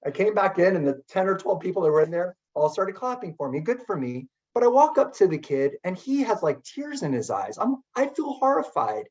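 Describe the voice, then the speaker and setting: Animated middle-aged male storyteller, lively pitch. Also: fairly quick, hardly any pauses. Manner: animated and chatty, many "like" fillers. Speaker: keynote speaker. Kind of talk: storytelling webinar talk. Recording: dull lo-fi webinar audio.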